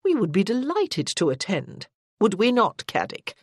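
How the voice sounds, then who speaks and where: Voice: medium pitch, wildly swooping pitch, moderate pace, breathy edge, no room sound, clean studio sound, pitched above the performer's own voice. A narrator voicing an effusively polite society matron in an audiobook. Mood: gushing. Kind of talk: audiobook character voice.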